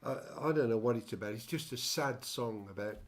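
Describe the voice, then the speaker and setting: A man's voice: mid-range voice, fairly quick. An older man hosting a casual music chat, telling a long story with many restarts and wry asides. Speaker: show host and songwriter.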